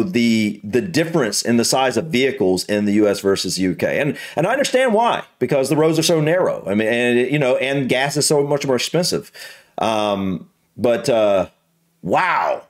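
An American man reacting to a video in a casual, halting way, thinking aloud with fillers and restarts. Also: mid-range voice, sing-song. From United States.

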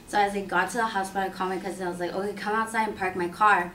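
A young woman telling a personal story in a casual, filler-heavy, animated way. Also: medium pitch, fast talker, few pauses, slight background noise. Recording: roomy sound from a distant mic.

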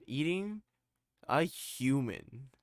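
A man putting on the voice of a male horror-story narrator, telling a creepy tale with drawn-out emphasis. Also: medium pitch, sing-song, dry recording, studio quality, voice pushed up, heavily acted. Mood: ominous. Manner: dramatic storytelling delivery.

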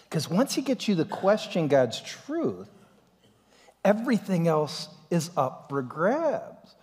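Animated preacher in a ringing church. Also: male voice, on the high side, takes it slowly, husky. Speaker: pastor. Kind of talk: sermon. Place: church sanctuary. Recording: long reverb in a church hall.

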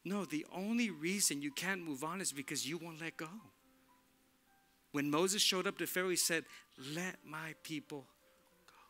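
A male pastor preaching in a church with a high, very bright, sharp voice. He talks casually and emphatically, drops slang and repeats words to press his points. Faint music plays in the background. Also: moderate pace. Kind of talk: sermon.

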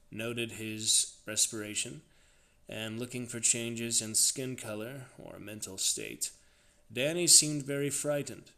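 A man reading a novel aloud, dramatic and expressive, shifting his delivery with the action. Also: medium pitch. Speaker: reader.

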